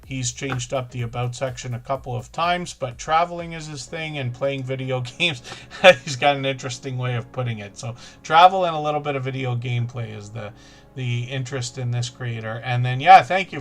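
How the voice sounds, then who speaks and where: A man's voice: medium pitch, a little fast. A man hosting a casual livestream, chatting in a rambling, self-correcting way with frequent fillers. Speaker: livestream host promoting small channels.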